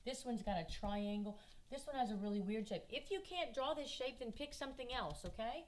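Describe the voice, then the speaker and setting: A woman's voice: on the high side, a little hiss or hum. A woman with a Southern US accent, leading a kindergarten drawing lesson as an art teacher, patient and encouraging. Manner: patient, encouraging, speaks slowly to small children.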